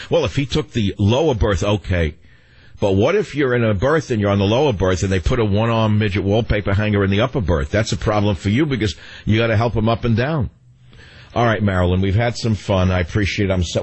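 An older male radio host with a low, husky voice talks in a rambling, wry way. He drifts between asides and jokes, and the studio sound is close and dry. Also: a little mellow, no echo. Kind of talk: talk radio monologue.

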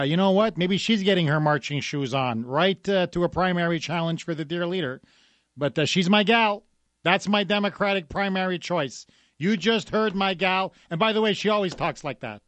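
A man's voice: a little high, a bit bright, dry recording. A man hosting a talk radio show, delivering an emphatic, combative monologue with lots of repetition. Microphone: studio microphone.

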